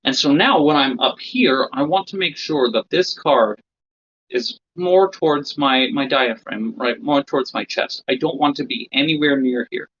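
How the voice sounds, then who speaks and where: A man's voice: mid-range voice, moderate pace, fairly bright tone, slight background noise. A man lecturing other magicians, explaining a routine step by step and checking in with listeners as he goes. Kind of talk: instructional lecture. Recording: slightly dull lo-fi recording.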